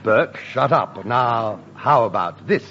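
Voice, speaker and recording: Man doing lively radio sketch comedy. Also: mid-range voice, slow pace. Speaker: comedy performer and announcer. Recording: dull hissy old radio recording.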